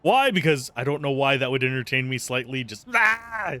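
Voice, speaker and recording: A man's voice: medium pitch, brisk, pushed and bright, dry recording, faint music behind. A man giving casual, wry commentary while playing a game. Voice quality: chatty, wry, self-amused. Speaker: game streamer.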